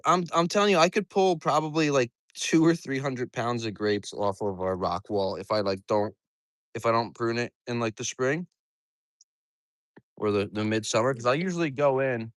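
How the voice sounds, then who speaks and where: A farmer man rambles and jokes to his livestream chat outdoors, swearing freely. His pitch swings widely as he talks. The sound is dry and close. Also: fairly bright tone, dry recording. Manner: profane, joking and rambling. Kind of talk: casual livestream chat while doing farm chores. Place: outdoors on a farm.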